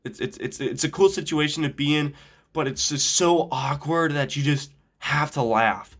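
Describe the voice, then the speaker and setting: A man's voice: a little high, normal speed, fairly bright tone. Rambling young man telling a story. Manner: rambling, swears often, frequent restarts and fillers. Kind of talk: casual anecdote.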